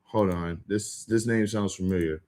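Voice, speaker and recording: A young man hosts a casual livestream from home, talking straight to his chat in a slangy, rambling way full of "like" and restarts. His voice sits on the low side for a man, and it jumps up when something surprises him. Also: moderate pace, darkish tone. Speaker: livestream host. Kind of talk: casual live-stream chat with viewers.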